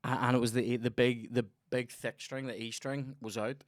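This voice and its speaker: A man's voice: mid-range voice, normal speed. Sweary Northern Irish man spinning yarns. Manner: sweary, animated anecdote-telling. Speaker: comedy podcast talker. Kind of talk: casual banter and storytelling.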